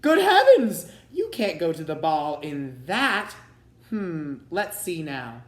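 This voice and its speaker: A man voicing a small, kindly, absent-minded fairy godmother with a gentle singsong manner, in a roomy echo. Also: on the high side, sing-song, slow pace, full character voice.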